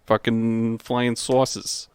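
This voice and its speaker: A man's voice: mid-range voice, little pitch movement, slow pace, a little mellow, clean tone, no room sound. A man co-hosting a casual podcast, self-deprecating and swearing casually. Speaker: podcast co-host.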